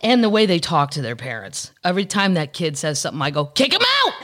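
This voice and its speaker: Chatty Missouri woman with lively voice. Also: sits low, quick pace. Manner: chatty, joking, reads news aloud. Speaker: podcast host. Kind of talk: casual podcast chat.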